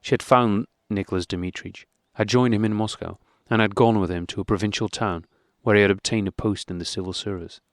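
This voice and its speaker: A male audiobook narrator reading a classic novel with measured, even delivery. His voice sits low. The recording is dry and close, with no room sound. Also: dry recording.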